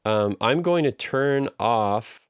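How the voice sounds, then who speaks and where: A man teaching an audio engineering tutorial in a relaxed, conversational way, walking through each step. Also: mid-range voice, takes it slowly, smooth, dry recording, clean studio sound. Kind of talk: casual tutorial explanation. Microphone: studio microphone through live compression.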